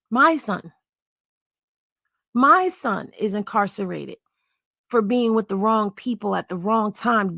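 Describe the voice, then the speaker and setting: A woman's voice: mid-range voice, vocal fry, fairly bright tone, no room sound. A middle-aged woman blogger giving candid, emotional livestream commentary, earnest and repeating herself for emphasis.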